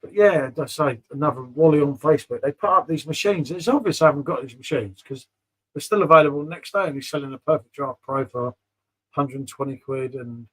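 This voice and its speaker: Laid-back bloke hosting a stream. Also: male voice, fairly high pitch, brisk, fairly bright tone, rough recording. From England. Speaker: livestream host. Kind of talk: casual chat over beers.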